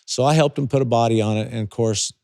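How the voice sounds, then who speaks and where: This older Californian, a former racing driver, talks quickly as an interview guest, telling long, rambling stories with many restarts in a casual setting. His medium-pitched voice is a little mellow, and the studio-quality recording is dry.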